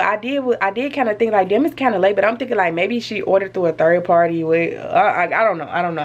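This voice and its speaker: A vlogger tells a story to the camera at home, animated and packed with slang and cursing. Her voice is fairly low in pitch.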